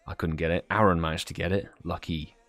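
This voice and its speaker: Relaxed British man hosting a live stream. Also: low-pitched, fast. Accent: British English. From United Kingdom. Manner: relaxed, chatty, greets chat viewers by name. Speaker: livestream host. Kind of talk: casual live stream chat.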